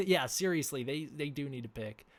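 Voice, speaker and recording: Male streamer on a casual rant, scratchy sore throat, animated and full of fillers. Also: on the high side, moderate pace. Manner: animated, ranting, lots of fillers and restarts. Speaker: livestream host.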